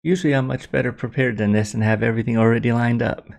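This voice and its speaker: A man's voice: medium pitch, fairly even intonation, fast talker, creaky, a little mellow. A man hosting a casual livestream, rambling and apologetic, with many fillers and restarts. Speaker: livestream host.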